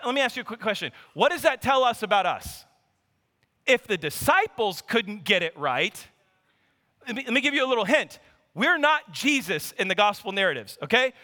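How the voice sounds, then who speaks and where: A man preaching a sermon in a church sanctuary, his voice high and bright. He acts out the characters' lines with lively energy, and a long reverb trails behind every word. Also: moderate pace. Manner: animated preaching, acting out Bible characters' lines. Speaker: pastor.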